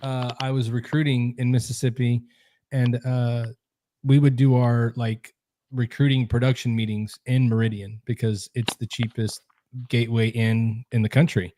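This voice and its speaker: A middle-aged man, a podcast host, chats casually and relaxed, and laughs along easily. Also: mid-range voice, normal speed. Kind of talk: casual chat.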